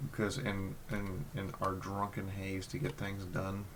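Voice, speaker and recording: A man hosting a casual group chat on a stream, excitable and given to swearing and loud outbursts. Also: deep voice, measured pace. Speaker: host. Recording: faint background noise.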